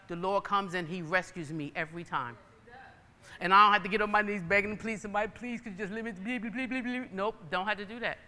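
A woman's voice: on the high side, sharp tone, in a large hall. A woman preacher giving a sermon with personal testimony, emphatic and folksy in her storytelling.

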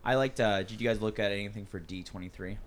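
A man's voice: fairly low pitch, fast, over a noisy crowd. Rambling, jokey man in casual chat. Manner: rambling, jokey, hesitant restarts.

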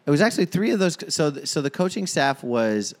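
A man's voice: a little high, sing-song, a little fast. A man co-hosting a podcast, chatting casually about football and often trailing off mid-sentence. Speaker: podcast co-host. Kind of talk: casual sports chat.

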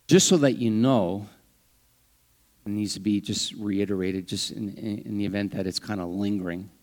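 Man preaching an animated sermon. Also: moderate pace. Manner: animated preaching, acts out quoted lines with jumps in pitch and volume; conversational and humorous asides. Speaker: pastor.

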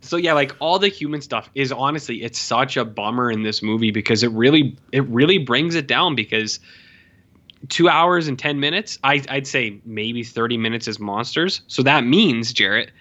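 Bright-voiced man in casual podcast chat. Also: mid-range voice, normal speed, lo-fi sound. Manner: animated, profane, restarts often. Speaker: podcast co-host. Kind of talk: casual film review chat.

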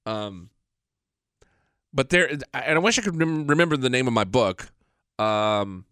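A man hosting a podcast, talking in a rambling, frank casual monologue, congested and clearing his throat from allergies. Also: mid-range voice, expressive, moderate pace, fairly bright tone, dry recording, clean studio sound. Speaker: podcast host. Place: studio.

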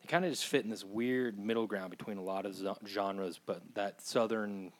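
A man's voice: fairly low pitch, moderate pace, no room sound. A man co-hosting a music podcast, talking casually with lots of fillers. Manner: chatty, many "like" fillers. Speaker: podcast co-host. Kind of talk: casual chat.

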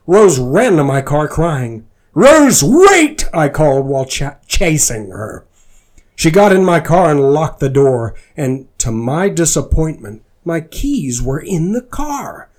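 A man's voice: on the high side, sing-song, a little slow, darkish tone. A man reading a fan story aloud as a dramatic performance, voicing the narrator earnestly. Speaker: fanfiction reader.

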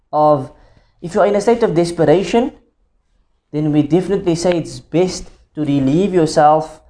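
A man's voice: sits high, dark tone. A man teaching a religious class in an explanatory tone, who repeats each point and keeps checking that students understand, with Arabic phrases mixed in.

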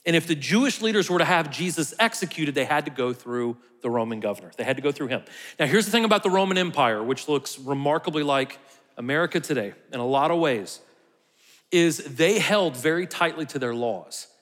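A man's voice: a little high, animated, fairly quick, a bit bright, long reverb tail. A man preaching a conversational sermon, sometimes dropping to a near whisper for emphasis. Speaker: pastor.

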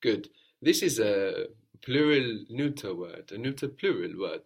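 A man's voice: lowish voice, animated, unhurried, vocal fry. A man teaching a language lesson, patiently explaining grammar step by step with examples.

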